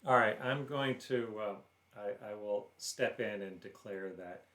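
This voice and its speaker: A man's voice: on the low side, unhurried, a bit bright, reverberant. A man playing in a tabletop game, speaking firmly and repeating words as he declares his actions. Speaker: player.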